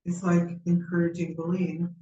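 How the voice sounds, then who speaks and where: A man's voice: high voice, monotone, normal speed, dark tone, a little hiss or hum. A man in a class, asking the teacher a hesitant question. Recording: echoey, dull, from across a room.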